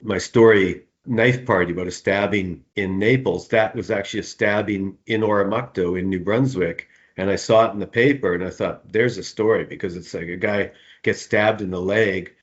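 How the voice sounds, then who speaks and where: Low-voiced man rambling about writing. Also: moderate pace, few pauses. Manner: rambling, repeats words, laughs often. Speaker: author, interview guest. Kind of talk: relaxed conversational interview answers. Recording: dull, muffled sound.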